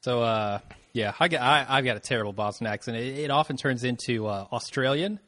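A man's voice: medium pitch, brisk, bright, forceful tone, no room sound, clean studio sound. A man co-hosting a podcast in casual chat, laid-back and joking. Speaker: podcast co-host.

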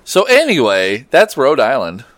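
A man's voice: medium pitch, huge pitch swings, a little slow, fairly bright tone, no room sound. A man hosting a podcast, chatting casually, joking and reading out listener messages. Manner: loose, joking, laughs easily. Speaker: podcast host.

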